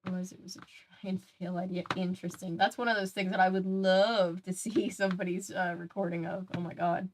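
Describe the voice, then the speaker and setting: A woman's voice: lowish voice, flat delivery, a little fast, few pauses, background noise. A young adult woman on a livestream, chatting with viewers and reading a children's mystery book aloud. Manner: chatty, reacts to chat, reads aloud.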